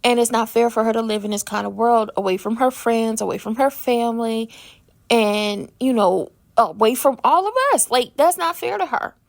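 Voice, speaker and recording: A woman with a gravelly, creaky edge to her voice and a fairly high pitch chats through a soap opera recap. She is sassy and talkative, slipping into the characters' lines as she retells each scene. She speaks close to the mic. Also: normal speed. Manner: chatty and sassy, acts out characters' quotes. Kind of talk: casual commentary recap.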